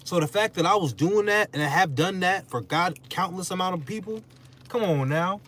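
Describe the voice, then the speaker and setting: On a podcast, a young man who makes content launches into a slangy, casual rant in a high-pitched voice at normal speed. His delivery is animated and emphatic, and he mimics others' voices mockingly.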